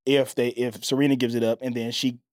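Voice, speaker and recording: A man co-hosting a podcast, chatting casually and acting out quotes with big, high impressions. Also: little pitch movement, brisk, darkish tone, no echo, clean studio sound. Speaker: podcast co-host. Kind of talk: casual recap chat.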